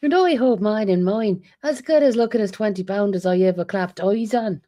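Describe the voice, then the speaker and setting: A woman's voice: medium pitch, normal speed, warm tone, lightly acted. A woman doing a sly trickster servant. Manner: wheedling, teasing, mock-soothing.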